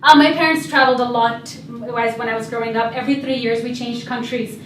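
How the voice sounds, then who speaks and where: A young adult woman giving a humorous storytelling talk on stage. She talks in a lively way and acts out the voices of the people in her stories. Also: a little high, brisk, recorded from a distance, slight background noise. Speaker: speaker. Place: event hall. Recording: echoey hall, voice set back from the mic.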